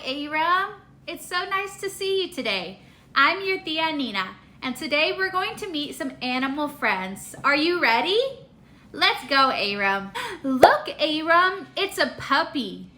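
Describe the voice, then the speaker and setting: A young woman speaks to a small child in a high, sparkling voice. Every word is stretched out very slowly and cheerfully. She sounds like a doting aunt coaxing a toddler to copy her. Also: very animated, bright, forceful tone. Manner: slow, exaggerated and cheerful, with gasps of delight. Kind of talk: sing-song talk to a small child.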